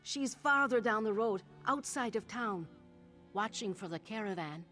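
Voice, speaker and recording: An actress voicing a weary woman guard of an undersupplied garrison in a video game, with a flat, uneven delivery over faint game music. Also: medium pitch, a little slow. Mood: worried.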